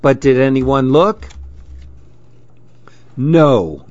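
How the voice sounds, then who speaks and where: A man reading a children's storybook aloud, gentle and expressive. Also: medium pitch, extremely slow, no echo, muffled recording.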